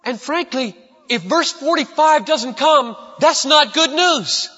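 A man's voice: very high-pitched, lively intonation, slow pace, pushed and bright. A man preaching a sermon in a church sanctuary, emphatic and repeating key lines for stress. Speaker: pastor. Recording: dull lo-fi recording with long hall reverb.

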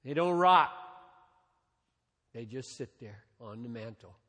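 A man preaching a sermon as a pastor, with dramatic pauses, dropping soft and then rising again. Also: medium pitch, lively intonation. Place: large church hall. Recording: reverberant hall.

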